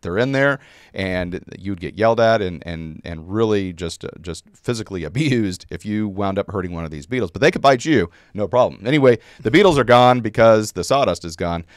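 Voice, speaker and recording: A man in his forties, an Army veteran, telling a story casually on a podcast, halting with many fillers and repeated words. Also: fairly low pitch, expressive, no echo, studio quality.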